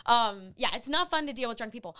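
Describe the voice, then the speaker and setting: A young woman co-hosting a podcast in casual chat, an animated storyteller who acts out what people said. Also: on the high side, quick pace, clear, resonant tone. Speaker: podcast co-host. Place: radio station studio.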